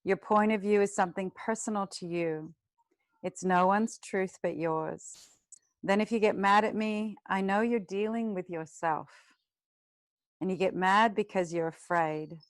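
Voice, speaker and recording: A woman yoga teacher with a lowish voice talks a class through breathing and movement. Her delivery is slow and soothing, and she draws out each breath cue. The sound is dry and close, with no room echo. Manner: slow, soothing guidance with drawn-out breath cues. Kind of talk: guided yoga and breathing instruction.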